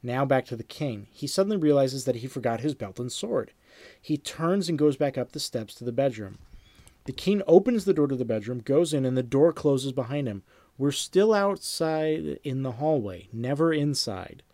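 Man lecturing with animated storytelling. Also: medium pitch, moderate pace, no room sound. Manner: animated storyteller, acts out sound effects, repeats himself. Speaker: screenwriting teacher. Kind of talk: lecture reading anecdotes aloud.

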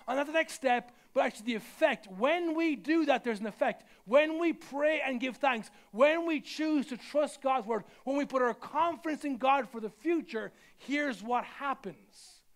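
High-voiced pastor preaching. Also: male voice, measured pace, few pauses. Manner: conversational, repeats words, builds with rising emphasis. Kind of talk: sermon.

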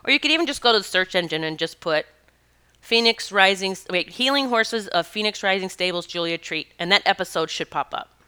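A woman tells a personal story in a loose, earnest way, often stopping to correct herself. Her voice is bright and tense at the edges, smooth and crisp. She speaks as an animal communicator and Reiki practitioner. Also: mid-range voice, animated, fairly quick. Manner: rambling, self-correcting, earnest.

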